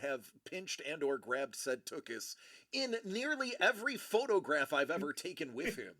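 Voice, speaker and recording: A man's voice: on the high side, very animated, moderate pace, a loud crowd. A man co-hosting a live stream, chatting casually in a playful, self-mocking, theatrical way. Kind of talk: casual joking banter.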